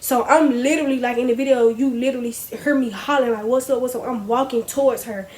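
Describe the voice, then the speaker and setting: Young woman, high voice, chatty storytime vlogger; animated, talks straight to viewers. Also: quick pace. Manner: animated, chatty, addresses viewers as y'all, laughs often. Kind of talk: casual storytime chat to viewers.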